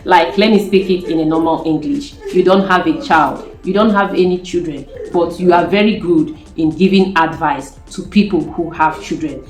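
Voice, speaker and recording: Animated Nigerian woman vlogging in an echoey room. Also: fairly low pitch, moderate pace, faint music behind. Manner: animated, emphatic storytelling, rising to indignant outbursts. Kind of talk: casual opinion vlog.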